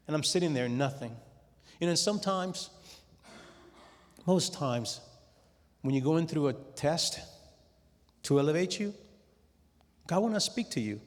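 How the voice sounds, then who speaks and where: A middle-aged man giving a testimony talk to a conference audience, telling his story in a lively way and acting out his own quoted words. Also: on the high side, a little slow, long pauses. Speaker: conference speaker. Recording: long hall reverb.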